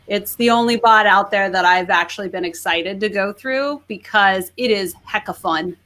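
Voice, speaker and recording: A woman guest on a live video-call show, telling stories in an excitable, gushing way full of "like.". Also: medium pitch, normal speed. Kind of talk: animated storytelling.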